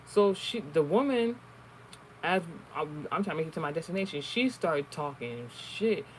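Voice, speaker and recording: Man streamer, fairly high voice, casual rambling storytelling, heavy swearing, faint background noise. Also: expressive, moderate pace, rough recording. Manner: rambling, profane, many restarts. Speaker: online streamer. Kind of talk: casual storytelling and card reading.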